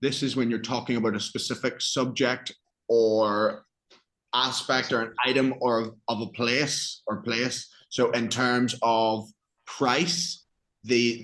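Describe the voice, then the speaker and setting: This is an English-accented man teaching a lesson at a very unhurried pace. His voice sits at an ordinary middle pitch, and he explains each word patiently in simple terms. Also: fairly bright tone, poor audio.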